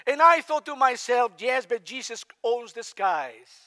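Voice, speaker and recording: Male preacher from Spain, very high voice, conversational sermon, long reverb of a large hall. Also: animated, unhurried, bright, forceful tone. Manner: conversational, asks the congregation questions.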